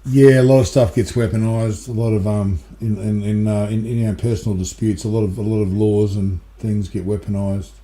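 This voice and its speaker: Casting: Australian male co-host, warm low-key tone, roomy echo, loose and rambling. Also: brisk, hardly any pauses. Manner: relaxed, rambling, repeats words. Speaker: regular co-host. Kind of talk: casual podcast chat. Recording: echoey room.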